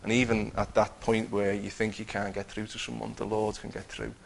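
A man's voice: on the low side, flat delivery, fairly quick, vocal fry, slight background noise. A man giving an earnest personal testimony, telling his story with many restarts. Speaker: testifying believer.

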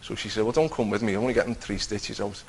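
A middle-aged man telling his personal Christian testimony in an earnest, halting way, with many restarts. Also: fairly low pitch, steady tone, vocal fry, slight background noise, rough recording. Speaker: Christian teacher giving testimony.

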